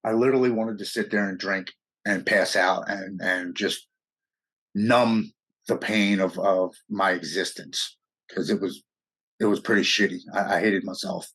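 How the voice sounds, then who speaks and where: A man's voice: sits low, fairly even intonation, a little slow, fairly bright tone, husky. A middle-aged American man telling his personal story as an interview guest, blunt, raw and profane. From United States.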